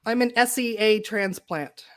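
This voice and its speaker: A woman's voice: mid-range voice, unhurried, a bit bright. Chatty woman hosting a live interview. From Oregon. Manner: chatty, laughs often, frequent fillers and restarts. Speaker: podcast host. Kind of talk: casual live interview chat.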